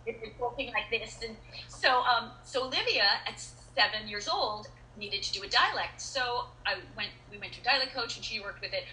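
A middle-aged woman speaks as an interview guest. Her voice is very bright and sits a little high. She talks in lively bursts full of restarts and fillers, and the room around her echoes. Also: normal speed, slight background noise. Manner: animated storyteller with many restarts and fillers. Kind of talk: casual interview chat. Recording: roomy echo.

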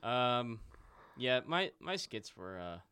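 A man's voice: medium pitch, big pitch swings, slow, bright, forceful tone, a little hiss or hum. A young man as a podcast guest, laid-back and a little hesitant, mostly giving short replies. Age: young adult. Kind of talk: casual chat.

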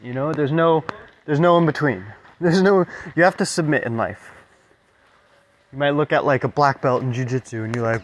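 A man's voice: on the high side, moderate pace, a little hiss or hum, low-quality recording. A man talking through a casual, reflective monologue, earnest and rambling, with many restarts.

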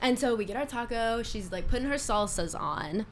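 A young adult woman, a podcast guest, telling a story in casual chat with lively slang. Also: on the high side, normal speed, a little hiss or hum. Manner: animated storyteller using queer slang.

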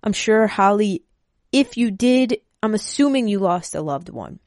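A woman's voice: medium pitch, animated, measured pace, darkish tone, no room sound, clean studio sound. A woman speaking casually and emotionally, rambling and swearing freely as she talks to her listeners. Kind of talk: casual personal talk.

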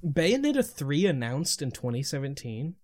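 Teasing young man, higher animated voice. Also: normal speed. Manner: teasing, laughs easily. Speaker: podcast co-host. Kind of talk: casual chat.

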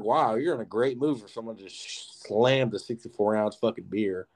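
A man's voice: on the low side, moderate pace. A young man co-hosting a podcast, telling a story in casual, profane chat full of "like". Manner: animated, profane storytelling with lots of "like". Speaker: podcast co-host.

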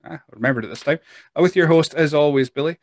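A man's voice: a little high, fast talker, no echo. Guy hosting a podcast, kinda rambly and jokey about himself, super dry close sound. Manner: rambling, self-deprecating, frequent restarts. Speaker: podcast host. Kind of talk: casual chat.

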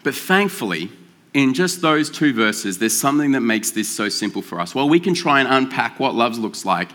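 Bright-voiced casual man preaching. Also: medium pitch, big pitch swings. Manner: conversational and joking, with drawn-out emphasis. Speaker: pastor. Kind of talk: casual sermon.

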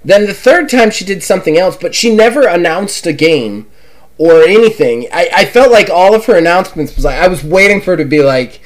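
A man chatting on a gaming podcast with a fairly high voice that swings widely in pitch. He talks bluntly, swears, laughs easily and mocks what he saw. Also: expressive, fairly quick. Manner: blunt, swears, laughs often, mocking impressions. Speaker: podcast co-host. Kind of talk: casual gaming podcast chat.

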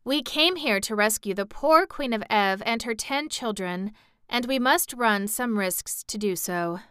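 Resolute young girl ruler, firm and composed, slow and clear, by a woman. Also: fairly high pitch, sharp tone, no room sound, clean studio sound.

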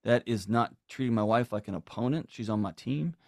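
A man's voice: lowish voice, a little fast, gravelly, darkish tone, no echo. Man, middle-aged, earnest, emphatic, podcast guest, dry close mic. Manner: earnest, emphatic, acts out quoted lines. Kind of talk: conversational podcast talk.

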